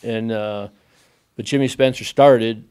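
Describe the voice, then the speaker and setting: A man guesting on a podcast as a race car driver, telling stories in an animated, rambling way with many fillers and restarts. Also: lowish voice, a little slow, smooth. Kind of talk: casual storytelling in a podcast interview.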